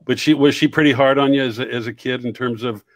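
An easygoing man hosting an interview, his voice pitched in the middle range. He is recorded dry and close, with no room echo. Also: fairly even intonation, quick pace. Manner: easygoing, many short backchannels. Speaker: interview host. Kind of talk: casual interview chat.

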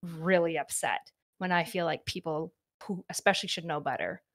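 A woman's voice: deep voice, moderate pace, slight background noise. A woman in her twenties talking candidly as a podcast guest, chatty and full of fillers. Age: 20s. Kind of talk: casual podcast conversation.

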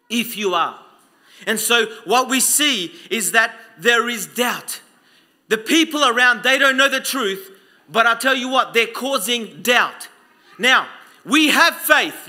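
A man preaching a live sermon in a church, urging the congregation and swinging between loud calls and hushed lines. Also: very high-pitched.

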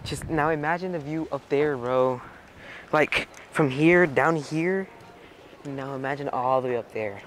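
A young man with a mid-range, unhurried voice films a casual travel vlog while climbing a tall outdoor rock staircase. Breathless and excited, he marvels at the view, with loud crowd and outdoor noise all around.

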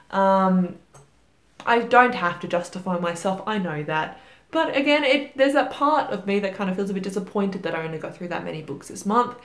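A woman's voice: fairly high pitch, echoey room. A young woman vlogging her monthly reading wrap-up in a chatty, self-deprecating way, with lots of fillers and little laughs. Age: young adult. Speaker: book vlogger.

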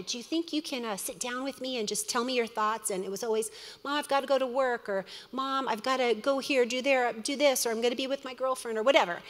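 A middle-aged woman teaching a women's Bible study, earnest and storytelling, with quick asides. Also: medium pitch. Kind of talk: sermon. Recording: long hall reverb.

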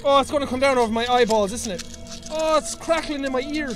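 A young Irish man giving loud, panicky let's-play commentary, yelping, laughing and swearing at a scary game. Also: very high voice, a little fast, soft background music. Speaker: gaming video host.

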